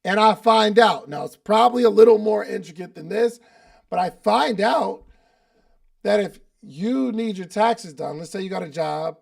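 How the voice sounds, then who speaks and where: Chatty coach guy, really gravelly voice, slangy and repeats himself a lot. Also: high voice. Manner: loose and chatty, uses slang and repeats phrases for emphasis. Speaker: podcast host and business coach. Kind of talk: casual coaching talk at a live online meeting.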